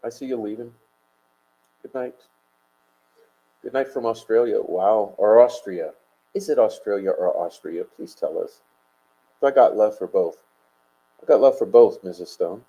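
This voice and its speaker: A man's voice: fairly low pitch, a little slow, long pauses, warm tone, highs cut off. A man hosting a casual livestream, rambling and swearing emphatically as he chats and answers viewer comments. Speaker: livestream host.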